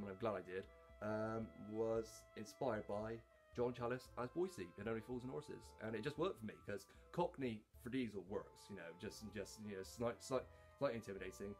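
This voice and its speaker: Man, low voice, casual talk to camera, halting, lots of fillers, faint music behind. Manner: halting, with many fillers and restarts. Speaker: hobby voice actor.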